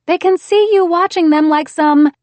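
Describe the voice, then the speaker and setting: A woman's voice: very high voice, normal speed, darkish tone, no echo, voice pushed up. A woman voicing a flustered, exasperated young woman calling out in a raised, exclamatory way.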